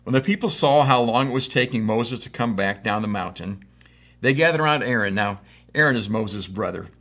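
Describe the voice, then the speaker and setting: This pastor is a middle-aged man from the United States whose voice sits fairly low, with a fairly bright tone and a slightly fast pace. He preaches conversationally, telling stories and performing the quotes within them.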